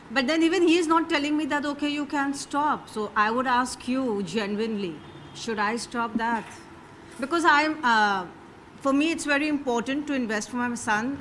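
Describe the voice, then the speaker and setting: A woman's voice: fairly high pitch, a bit bright, slight background noise. A woman asking an anxious, rambling question about her savings. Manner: worried, rambling, pleading. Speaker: audience questioner.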